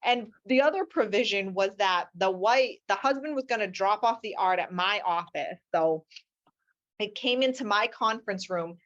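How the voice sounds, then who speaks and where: A woman family law attorney telling lively anecdotes as an interview guest, often acting out what people said. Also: medium pitch, moderate pace, dull audio. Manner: animated, acts out quotes with shifting voices.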